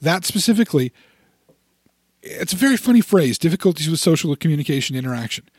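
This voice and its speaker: In a relaxed podcast chat, a fairly high-pitched man explains an idea at a fast clip, restarting phrases, repeating words and building everyday scenarios to make his point. The audio is dry and close, with no room sound at all.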